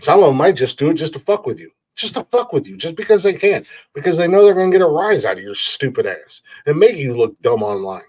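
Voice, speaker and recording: A man's voice: fairly high pitch, very animated, quick pace, hardly any pauses, a little mellow, husky. A man hosting a podcast, ranting in a rambling, profane way and laughing at his own jokes. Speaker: podcast host.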